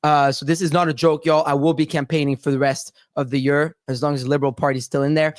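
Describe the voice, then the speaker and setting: A man's voice: fairly high pitch, flat delivery, fast talker, no room sound, clean studio sound. A Canadian man hosting a casual crypto show over a video call, loose and joking, swearing freely. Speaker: podcast host.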